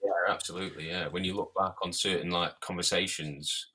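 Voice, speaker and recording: A low-pitched man chatting loosely on a podcast, laughing easily as he talks. His voice is deep with a bright, forceful edge. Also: steady tone, a little fast, breathy edge. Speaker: podcast co-host. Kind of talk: casual chat.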